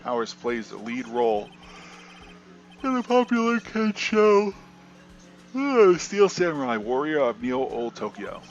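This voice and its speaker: A man reads as a male TV newsreader in a fan game dub. The delivery is even and formal, like a bulletin being read out. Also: mid-range voice, a little slow, long pauses, muffled recording, soft background music. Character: flat male TV news anchor.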